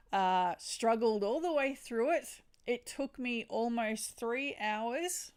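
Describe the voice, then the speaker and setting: A woman's voice: a little high, clear, resonant tone. A woman hosting a crochet livestream, chatting casually and giggling often as she opens a parcel. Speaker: crochet channel host. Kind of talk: casual livestream chat, unboxing. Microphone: home streaming setup.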